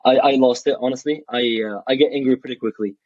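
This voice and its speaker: A young adult man, a college athlete appearing as a guest in a casual interview, tells a story bluntly and frankly, swearing freely and often restarting his sentences. His mid-range voice has a steady, darkish tone and a quick pace, captured in a dull, dry recording.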